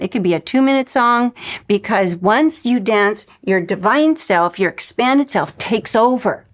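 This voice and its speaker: A woman leads a spiritual lesson with an emphatic, coaching delivery. Her voice sits at an ordinary middle pitch for a woman. Now and then she slips into breathy whispered asides. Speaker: spiritual teacher. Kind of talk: recorded lesson.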